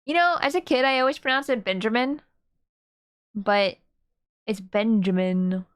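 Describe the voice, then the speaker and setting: A woman's voice: high voice, animated, moderate pace, a bit bright, clean tone, dry recording, studio quality. A woman streamer giving playful, exclamatory commentary on a game playthrough. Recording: game music behind. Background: game music.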